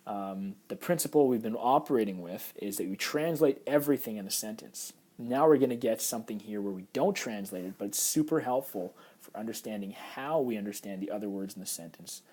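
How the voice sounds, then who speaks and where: A man's voice: fairly low pitch, lively intonation, brisk, few pauses, darkish tone, husky. A man teaching a recorded Hebrew grammar lecture, explaining patiently over slides with frequent fillers.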